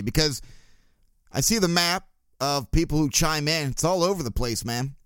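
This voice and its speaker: A man's voice: fairly high pitch, animated, brisk, a bit bright, clean tone, no echo, studio quality. A man hosting a casual sports podcast, blunt and swearing, with chuckling asides. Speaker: podcast host.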